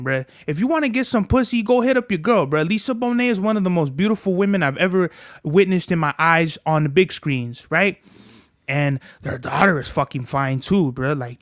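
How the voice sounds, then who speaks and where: A young man hosting a casual solo podcast, rambling and swearing, dropping slang like "bruh" between every thought. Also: a little high. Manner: soft, cooing baby talk to his dog. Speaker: podcast host.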